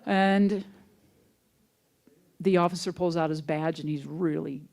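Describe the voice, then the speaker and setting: Minister type, relaxed sermon delivery, homespun storyteller. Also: medium pitch, normal speed, creaky, long pauses. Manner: conversational, folksy storytelling. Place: church sanctuary, also streamed online.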